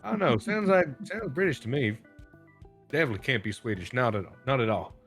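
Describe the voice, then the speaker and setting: A man's voice: medium pitch, big pitch swings, fast talker, a bit bright, faint music behind, voice pushed down. A man voicing a crude, jeering frontier townsman in a murder mystery role-play.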